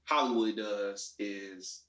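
A man in casual chat about movies and shows, explaining his views in a relaxed way with many fillers. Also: fairly low pitch, slow pace. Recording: echoey room.

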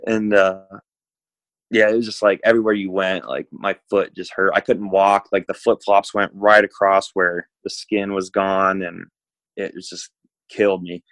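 A man from the United States tells a long travel story in a loose, rambling way, with lots of filler words. His voice sits a bit low. The sound is dry and close, with no room echo. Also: level tone, moderate pace, a bit bright. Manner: rambling, laid-back, lots of "like". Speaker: guest. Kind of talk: casual storytelling.

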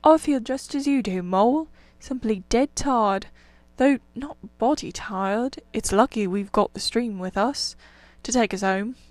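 A woman reading the part of a dreamy, gentle male water rat in a storybook, speaking softly and in a murmur. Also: a little high, dry recording. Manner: soft, murmuring, drowsy.

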